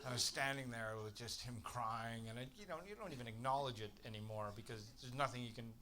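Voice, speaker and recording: A man from Canada doing a stand-up set on a comedy club stage, telling exasperated stories that build to shouted punchlines. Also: medium pitch, fast talker. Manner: exasperated storytelling, swearing, rising to shouted punchlines. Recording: live club recording with audience noise.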